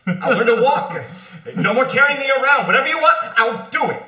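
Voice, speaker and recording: A man's voice: extremely high pitch, lively intonation, normal speed, pushed and bright, voice pushed up, full character voice. A man reading the part of a desperate, foul-mouthed baby boy in an amateur play reading. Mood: pleading. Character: infant boy pleading with crude adult talk. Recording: echoey room.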